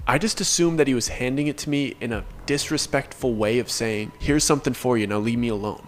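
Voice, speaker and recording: A man's voice: mid-range voice, slight background noise. A young man narrating a first-person story in a casual, earnest way, reliving tense events as he goes.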